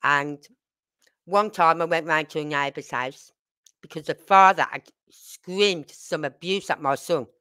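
Blunt, forceful woman. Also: low voice, measured pace, clear, resonant tone. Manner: blunt, salty, tells stories with acted quotes. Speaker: channel host. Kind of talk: casual storytelling to camera.

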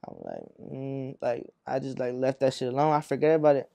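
Pitch swooping wildly around a medium register, with vocal fry and a warm tone, the Arizona rapper talks a little fast. In a casual interview he spins lengthy, profane, slang-heavy tales loaded with fillers, voicing the characters himself, recorded dry.

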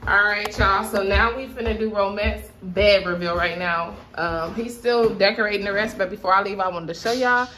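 A woman's voice: medium pitch, steady tone, moderate pace, hardly any pauses, sharp tone, faint music behind. A young woman chatting casually to her viewers in a vlog, often out of breath. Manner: chatty, addresses viewers directly. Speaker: vlogger. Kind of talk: casual vlog chat to camera.

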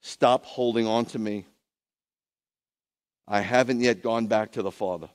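A man preaching a sermon and voicing a calm male teacher who gives measured, gentle instructions. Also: fairly low pitch, in a large hall, lightly acted.

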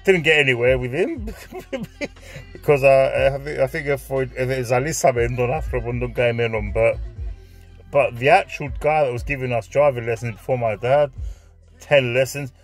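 A man in his forties spins a loose personal anecdote, with a medium-pitched voice. He swears freely and slips Greek phrases into his English. His delivery is chatty and unscripted. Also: moderate pace, faint music behind. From north London. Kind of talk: anecdotal storytelling.

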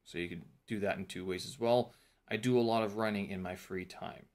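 Low-voiced man rambling through his notes. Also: steady tone, brisk, a little mellow. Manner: rambling, thinking aloud with fillers and self-corrections. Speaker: vlogger reviewing a teacher training course. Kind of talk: casual talk-through vlog.

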